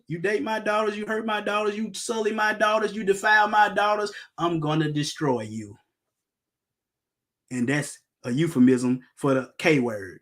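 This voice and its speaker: A man's voice: sits high, steady tone, normal speed, fairly bright tone. A middle-aged man preaching an informal Bible-teaching sermon, emphatic, firing rhetorical questions and joking with his listeners.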